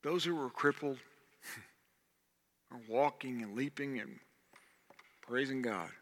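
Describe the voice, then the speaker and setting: A man preaching a sermon as pastor, swinging between hushed passages and loud, emphatic outbursts. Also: medium pitch, slow pace. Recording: long hall reverb.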